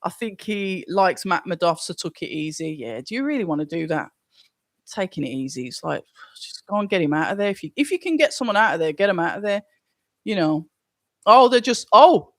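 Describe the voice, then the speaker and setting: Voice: medium pitch, lively intonation, brisk, no echo, studio quality. A host running a live watch-along stream, reading viewer comments aloud and chatting casually as they think aloud.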